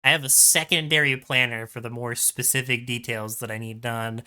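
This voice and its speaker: Bright, crisp-voiced self-deprecating co-host man. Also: medium pitch, steady tone, normal speed. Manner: self-deprecating, laughs often. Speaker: podcast co-host. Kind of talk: casual chat.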